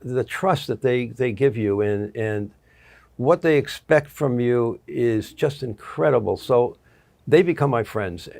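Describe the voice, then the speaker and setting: A man's voice: medium pitch, creaky. A middle-aged man, a guest annuity producer, telling stories in an interview, rambling with restarts and acting out quotes. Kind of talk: interview storytelling.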